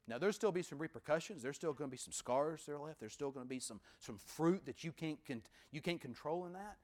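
A man preaching a sermon as pastor, with rhythmic repetition and sudden drops from loud to hushed. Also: fairly high pitch, lively intonation, moderate pace.

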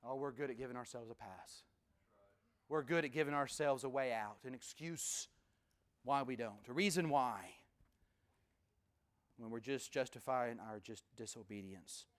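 A man preaching a sermon in a folksy, conversational way, swinging from loud emphatic bursts to hushed near-whispers. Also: mid-range voice, moderate pace, pauses often. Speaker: pastor.

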